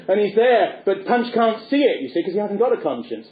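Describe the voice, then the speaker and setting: Animated, theatrical Englishman. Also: high voice, fairly quick. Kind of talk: lively anecdotal talk. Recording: echoey, phone-like lecture recording.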